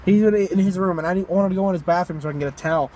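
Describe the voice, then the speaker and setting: A man's voice: high-pitched, rapid-fire, a little mellow. A young man co-hosting a podcast in casual chat, a rowdy storyteller who acts out voices and laughs a lot. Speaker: podcast co-host.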